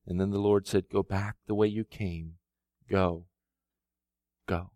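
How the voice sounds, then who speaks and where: A pastor preaching a sermon, moving from quiet, low retelling to loud, soaring exhortation. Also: male voice, steady tone, slow pace, no room sound. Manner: swings from soft, low storytelling to loud, high-pitched preaching.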